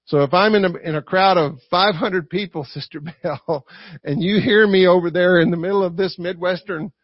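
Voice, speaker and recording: High-voiced Southern preacher. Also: male voice, normal speed, dry recording. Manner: lively, acts out quoted speakers, asks congregation for responses. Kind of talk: sermon. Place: church. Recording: dry, dull lo-fi recording.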